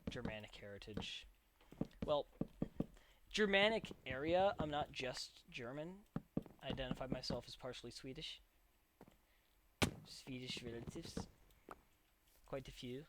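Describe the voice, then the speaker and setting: A young man hosts a let's play, chatting through his gameplay in a rambling, self-mocking way. His voice sits at an ordinary middle pitch. A steady hiss and mouse clicks sound behind him in a noisy home recording. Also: unhurried, long pauses. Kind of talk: casual gameplay commentary.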